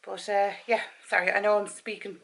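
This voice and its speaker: A woman's voice: medium pitch, little pitch movement, a little fast, creaky, a bit bright, a little hiss or hum. A woman in her forties with an Irish accent, chatting to camera in her bedroom at night, out of breath and tired, rambling and correcting herself as she goes. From Ireland. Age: 40s. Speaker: vlogger. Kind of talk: casual chat to camera.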